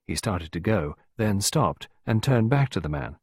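A low-pitched man reads a story aloud with lively, widely varied intonation. His voice is a little husky, and the recording is dry and close. The reading stays expressive throughout. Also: moderate pace, no room sound. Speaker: audiobook narrator. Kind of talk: scripted storybook narration.

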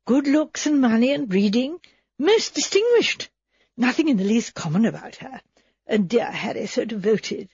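A woman's voice: a little high, big pitch swings, moderate pace, darkish tone, husky, no echo, lo-fi sound, full character voice. A woman voicing a thin, fussy spinster who gossips in a fluttery, gushing way.

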